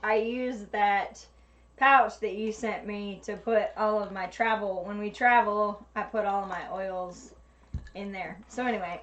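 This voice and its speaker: A woman's voice: mid-range voice, fairly even intonation, unhurried, fairly bright tone, lo-fi sound. A woman hosting a casual chat, chiming in and laughing often. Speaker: homestead show host.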